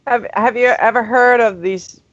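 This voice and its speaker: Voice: mid-range voice, normal speed, fairly bright tone. A panelist in a casual livestream chat who eggs the others on. The recording is dull and lo-fi. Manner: egging others on, chatty.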